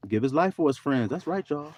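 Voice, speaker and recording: A man preaching on a livestream, swinging from soft talk to shouting and drawing out scripture slowly. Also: a little high, animated. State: teary. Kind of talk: livestream sermon.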